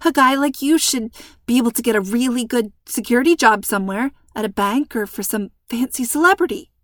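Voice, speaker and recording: A woman voicing a frightened teenage girl who babbles nervously, her voice breathy and squeaky. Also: brisk, no room sound, studio quality, close to an everyday voice. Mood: nervous babbling. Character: panicky teenage girl talking too fast.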